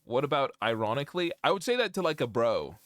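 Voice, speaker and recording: A man's voice: medium pitch, very animated, fast, fairly bright tone, no room sound, clean studio sound. A young man live-streaming from home, chatting casually with his viewers, rambling and joking as he reads their comments.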